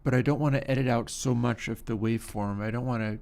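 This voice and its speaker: Man, livestream host, gravelly voice, relaxed technical chat, mid pitch. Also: fast talker. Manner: relaxed, musing, talks while working. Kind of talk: casual technical commentary.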